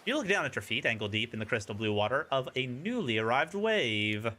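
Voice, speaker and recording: A man's voice: medium pitch, sing-song, fairly quick, sharp tone. A man streaming a dating sim, reading its narration aloud with playful, wry asides.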